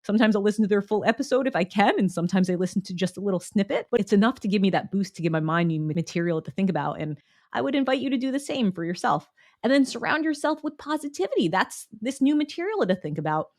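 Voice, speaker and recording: A woman's voice: mid-range voice, animated, fast talker, darkish tone, dry recording. Upbeat chatty woman podcaster, dry sound. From United States. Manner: upbeat, chatty, encouraging, breaks into laughs. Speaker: podcast host. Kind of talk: solo motivational podcast talk.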